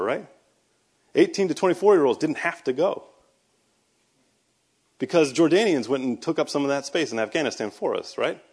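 A man's voice: mid-range voice, husky. A man, a Christian speaker, giving a personal testimony sermon in a conversational storytelling way, with sarcastic asides and emphatic bursts. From United States. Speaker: Christian speaker and army veteran.

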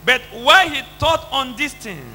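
A man reading scripture aloud line by line in a measured way during a sermon. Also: extremely high pitch, lively intonation, bright, forceful tone, soft background music, rough recording. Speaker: scripture reader.

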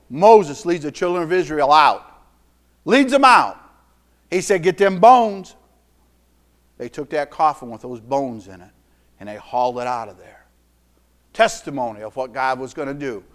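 Emphatic preacher man, lively pitch. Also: normal speed. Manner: emphatic, swings between loud declarations and quiet asides; folksy, repeats phrases for emphasis. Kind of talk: sermon.

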